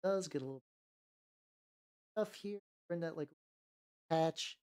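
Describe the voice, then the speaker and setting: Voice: medium pitch, takes it slowly, darkish tone, clear, resonant tone. A streamer chatting casually with a live chat while painting miniatures, rambling, swearing freely and trailing off mid-thought. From United States.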